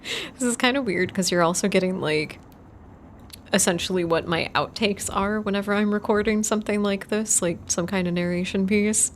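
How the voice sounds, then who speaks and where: A woman's voice: medium pitch, normal speed, a little hiss or hum. Texan woman reading horror aloud. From Texas. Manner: chatty, laughs often, stumbles and repeats hard words. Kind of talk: live-stream reading of a horror story.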